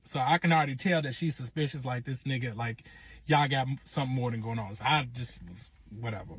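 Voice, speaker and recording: A man telling his own relationship story in casual, animated storytime style, acting out quotes. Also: medium pitch, a little fast, slight background noise. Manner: animated, acts out quotes in raised voice.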